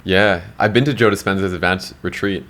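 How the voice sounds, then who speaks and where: A man's voice: low voice, fairly even intonation, fairly quick, fairly bright tone, a little hiss or hum. A young adult man, a podcast guest, telling a story casually and bluntly, swearing freely and acting out quotes.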